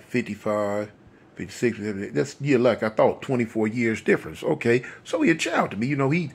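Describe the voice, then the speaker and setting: Gravelly, husky man in his fifties. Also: mid-range voice. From Los Angeles. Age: 50s. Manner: rambling and conversational, full of asides and tag questions. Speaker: storyteller. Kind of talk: casual street storytelling.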